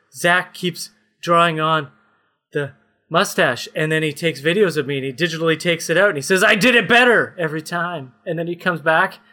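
Bright-voiced man narrating a story game. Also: fairly high pitch. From Canada. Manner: playful, describes scenes slowly with mock suspense. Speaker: game master. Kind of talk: narrating a comedic tabletop-style story game.

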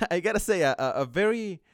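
Hesitant podcast host, dry close sound. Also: male voice, high-pitched, expressive, fairly quick, no room sound. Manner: hesitant, many fillers, searching for words. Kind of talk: casual gaming chat.

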